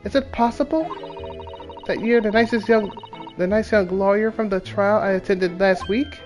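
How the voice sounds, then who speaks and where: A man's voice: high voice, moderate pace, faint music behind, pitched above the performer's own voice, natural voice. A man voicing a refined, mannered English lady client, reading game dialogue aloud with dramatic pleading. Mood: fluttery.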